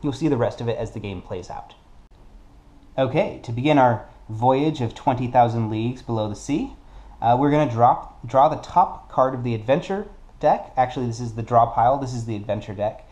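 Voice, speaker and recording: A man's voice: mid-range voice, normal speed, a little mellow. A man playing a solo tabletop game and explaining its rules in a casual way, thinking aloud and correcting himself as he goes. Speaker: board game player.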